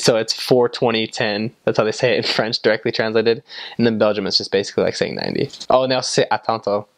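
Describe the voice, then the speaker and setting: A young man from the United States talks in a casual, chatty way, leaning on "like" again and again. His voice sits at an ordinary middle pitch. The sound is dry and close, with no room echo. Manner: chatty, lots of "like" fillers. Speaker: vlogger recalling time abroad. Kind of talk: casual storytelling to camera.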